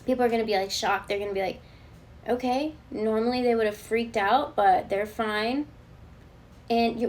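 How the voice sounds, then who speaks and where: A woman's voice: medium pitch, slight background noise. Reassuring woman giving a tarot reading. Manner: reassuring, often checks in with the listener; earnest and spiritual, talks straight to the viewer. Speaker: tarot card reader. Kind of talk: spoken tarot reading, channeled guidance.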